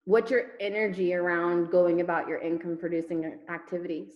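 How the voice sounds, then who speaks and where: A woman's voice: fairly low pitch, little pitch movement, moderate pace, reverberant, dull audio. A woman leading a network marketing team, giving an emphatic motivational talk over a video call, firing rhetorical questions and repeating words for effect. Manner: emphatic, rhetorical questions, repetition, casual swearing.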